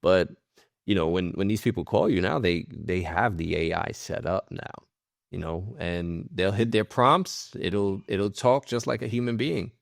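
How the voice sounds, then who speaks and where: A man's voice: low voice, measured pace, vocal fry, no room sound, clean studio sound. A man co-hosting a casual podcast who rambles and repeats his words as he acts out phone calls. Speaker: podcast co-host.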